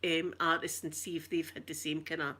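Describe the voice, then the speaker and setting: A woman's voice: sits low, level tone, fairly quick, bright, forceful tone. A middle-aged Scottish woman chatting to her live-stream viewers, bawdy, flirtatious and full of stories. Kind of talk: casual live-stream chat.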